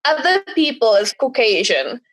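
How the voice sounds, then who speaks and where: A young woman talking casually as a podcast guest, chatty and quick to laugh, acting out her own thoughts. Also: on the high side, sing-song, a bit bright. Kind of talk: casual chat.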